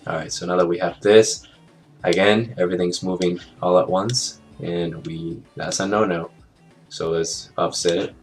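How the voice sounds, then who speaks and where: A man walking through an animation software tutorial in a casual, think-aloud way, with fillers and small jokes. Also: deep voice, steady tone, moderate pace. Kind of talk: screen-recorded software tutorial narration. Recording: clear background music under the voice.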